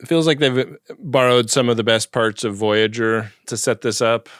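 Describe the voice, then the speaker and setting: A man co-hosting a podcast, recapping in a relaxed way with wry asides. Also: mid-range voice, moderate pace, no room sound, studio quality. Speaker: podcast co-host. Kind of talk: casual chat.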